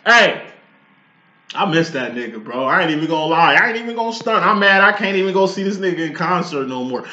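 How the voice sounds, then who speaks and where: A man, giving a casual, profane tarot reading that rambles and breaks into loud outbursts. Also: sits high, lively intonation, a little fast, reverberant, highs cut off. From Chicago. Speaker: tarot reader.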